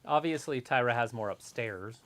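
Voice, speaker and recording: A man's voice: mid-range voice, normal speed, noisy background. Offhand man giving wrestling opinions. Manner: offhand, opinionated, teasing remarks. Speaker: stream co-host. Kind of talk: casual watch-along chat.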